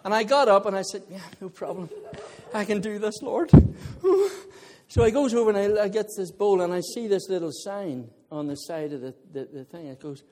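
A man preaching a sermon with a somewhat high voice, spinning a comic personal story for his congregation. He talks in an animated, conversational way, breaking into laughter and turning to his listeners directly. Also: a little fast. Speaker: visiting preacher.

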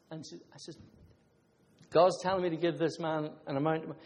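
A man's voice: a little high, fast talker, darkish tone, slight background noise. Preacher man, echoing hall. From Ireland. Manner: conversational preaching with testimonies and asides. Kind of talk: sermon. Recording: long hall reverb.

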